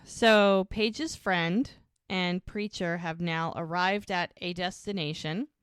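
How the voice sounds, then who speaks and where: With a fairly low, clear, resonant voice and a slow pace, this female podcast co-host walks through a TV episode scene by scene, lively and full of "like"s. The studio sound is clean, with no room sound.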